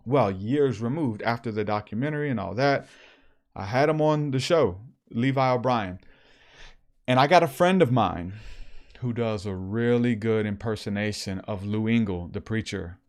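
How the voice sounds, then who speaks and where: A man's voice: lowish voice, moderate pace. Chatty male podcast host telling stories. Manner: animated, acts out quotes, many fillers. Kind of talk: casual storytelling.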